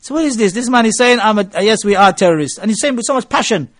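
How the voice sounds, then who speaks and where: A man's voice: very high voice, very fast, no room sound, clean studio sound. A male preacher, lecturing a gathering and telling stories, with phrases mixed into his English. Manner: mixes Arabic phrases into English, animated storytelling. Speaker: Islamic preacher.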